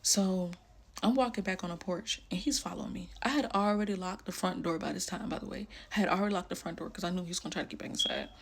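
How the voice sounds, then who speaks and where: Gravelly, husky woman telling her story. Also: lowish voice, fast talker. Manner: blunt, emotional, casual slang. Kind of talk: candid personal storytelling.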